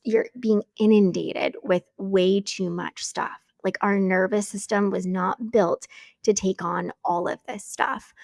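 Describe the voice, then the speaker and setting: Woman podcaster chatting, earnest and open, kinda gravelly fry, dry close sound. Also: mid-range voice, no room sound. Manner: earnest, candid, reflective, many "like" fillers. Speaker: podcast host. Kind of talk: casual solo podcast talk.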